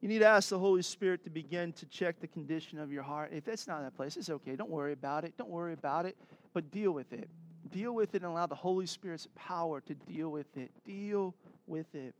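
Higher-pitched pastor preaching. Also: male voice, fast, a little hiss or hum. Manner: earnest, exhorting, with laughs and asides. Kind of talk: sermon.

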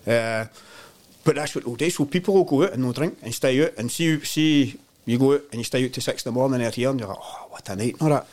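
A man with a Scottish accent, a podcast guest chatting casually and telling animated, sweary stories. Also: mid-range voice, fast. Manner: swears freely, animated storytelling. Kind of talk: casual chat.

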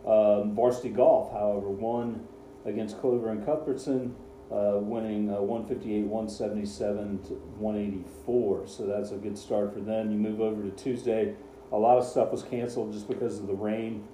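A man's voice: on the low side, level tone, normal speed, mellow, reverberant, slight background noise, low-quality recording. A man co-hosting a casual sports talk show, running through game scores with dry sarcasm. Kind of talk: casual radio sports chat.

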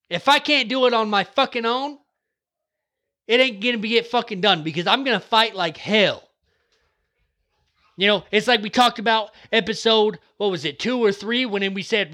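A young male podcast host gives a fired-up, profane motivational talk, swinging between yelling and relaxed joking until his throat dries out from shouting. His voice is high-pitched, at normal speed, with long pauses.

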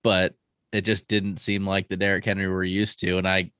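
A man co-hosting a casual sports podcast, giving relaxed, measured takes. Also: sits low, clean tone, no echo, studio quality. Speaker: podcast co-host.

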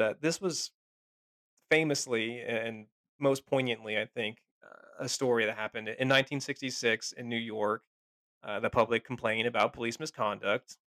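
Male podcast co-host, gravelly, sarcastic and profane, close and dry. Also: medium pitch, a bit bright, no room sound. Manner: profane, sarcastic, laughs often. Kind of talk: casual chat.

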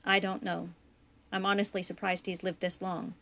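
A woman voicing a weary frontier doctor, steady and matter-of-fact, in a storybook reading. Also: medium pitch, normal speed, gravelly. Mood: grave. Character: weary frontier doctor, grave and plain-spoken man.

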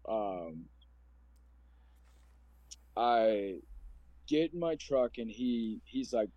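Mellow-voiced man in his forties telling his story. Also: lowish voice, animated, drawn-out words, long pauses, no room sound. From Omaha, Nebraska, USA. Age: 40s. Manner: earnest, rambling, emotional storyteller. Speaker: podcast guest. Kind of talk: personal storytelling interview.

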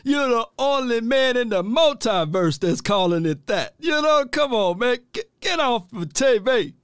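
High, smooth-voiced man ranting on sports. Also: measured pace, dry recording. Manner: animated and exasperated, repeats phrases, laughs often; drawling, informal speech. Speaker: sports talk show host. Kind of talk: livestream sports commentary and reading viewer chats.

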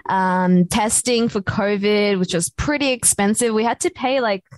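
A woman's voice: mid-range voice, moderate pace, no echo. Dry-sounding woman explaining plainly. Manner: matter-of-fact, explains step by step with fillers. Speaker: powerlifter and guest. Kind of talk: casual interview.

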